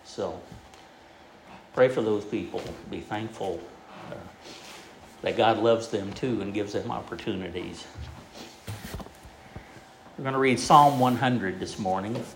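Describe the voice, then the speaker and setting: A man preaching a sermon in a folksy, halting way, with many fillers and restarts as he tells a joke. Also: on the low side, echoey room, slight background noise, low-quality recording.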